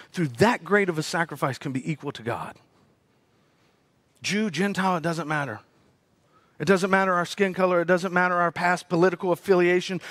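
A man preaching a sermon as pastor, swinging between loud rising peaks and hushed low asides. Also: dry recording.

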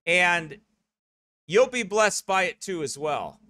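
A man's voice: sits high, lively intonation, slow, bright, forceful tone, dry recording, studio quality. A middle-aged American man, a pastor, making rambling church announcements with joking asides. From United States. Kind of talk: church announcements before a sermon.

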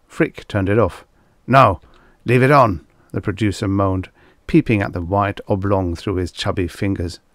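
A man's voice: deep voice, steady tone, normal speed, no room sound, clean studio sound. A man reading vintage science fiction aloud as an audiobook narrator, telling the story expressively. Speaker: audiobook reader.

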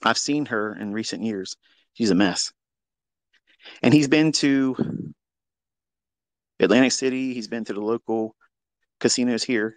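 A man telling a story in a casual monologue, profane and mocking, with sudden loud outbursts. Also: mid-range voice, unhurried, pauses often, no room sound. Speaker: trading educator on a live audio space.

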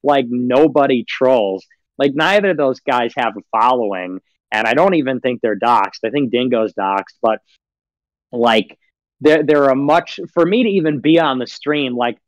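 A man's voice: medium pitch, measured pace, dry recording, rough recording. A man in casual livestream chat, mocking and rambling with lots of fillers and frequent laughs. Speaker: livestream guest.

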